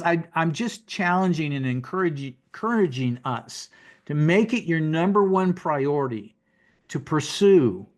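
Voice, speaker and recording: Folksy man in his sixties preaching. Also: on the high side. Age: 60s. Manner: folksy, repeats words and phrases for emphasis. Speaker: guest minister teaching. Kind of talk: conversational preaching. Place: upstairs home office. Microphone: video call.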